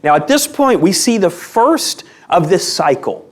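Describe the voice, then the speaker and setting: A man's voice: high-pitched, big pitch swings, measured pace. A man teaching a casual Bible study in a conversational, emphatic way, asking rhetorical questions.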